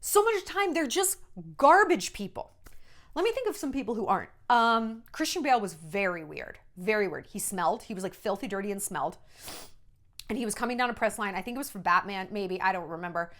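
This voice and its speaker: A woman and former entertainment journalist giving a blunt, animated gossip monologue, often slipping into mocking voices. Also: mid-range voice, a little fast. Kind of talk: casual celebrity gossip monologue.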